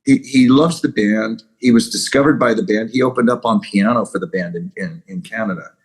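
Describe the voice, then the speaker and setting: Man, husky voice, casual rambling interview talk, guest musician. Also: on the low side, brisk, rough recording. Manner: rambling, restarts often.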